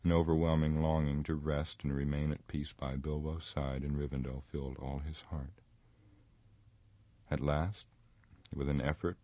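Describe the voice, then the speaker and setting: Male narrator, very deep, dry close sound, steady measured reading. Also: dry recording. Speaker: audiobook reader. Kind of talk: scripted narration.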